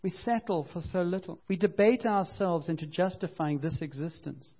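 A man with a fairly high voice preaches a sermon in church, talking conversationally and earnestly to his congregation. He presses his points with growing fervor. The recording is dull and lo-fi. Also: normal speed, few pauses, slightly rough. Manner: conversational, earnest, rising to fervent emphasis. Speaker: pastor.

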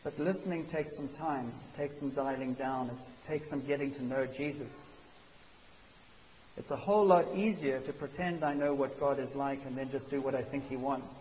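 A man preaching a sermon as a pastor, animated and conversational, acting out quotes. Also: mid-range voice, moderate pace. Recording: dull hissy recording in a reverberant hall.

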